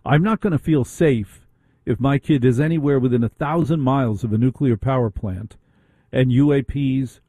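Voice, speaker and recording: A man's voice: mid-range voice, dark tone, breathy edge, no echo. A middle-aged man hosting a talk radio show, ranting with indignant rhetorical questions. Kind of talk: opinionated talk radio monologue.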